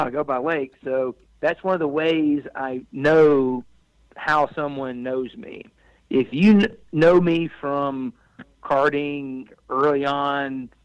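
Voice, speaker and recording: A man co-hosts a podcast in a mid-pitched voice, recorded dry and close. He talks loosely and conversationally and pokes fun at himself. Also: no echo, poor audio. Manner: relaxed, conversational, self-deprecating. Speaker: podcast co-host. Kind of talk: podcast interview.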